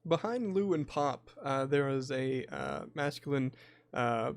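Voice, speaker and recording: A man running a tabletop horror game as game master, describing scenes slowly with frequent filler pauses. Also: mid-range voice, expressive, gravelly, dry recording.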